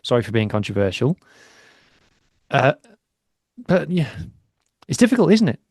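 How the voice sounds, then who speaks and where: A man co-hosting a casual podcast, chatty and a little self-deprecating. His voice sits at a middle pitch, and the recording is dry and close. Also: big pitch swings, normal speed, darkish tone, husky, dry recording. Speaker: podcast co-host. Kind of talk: casual chat.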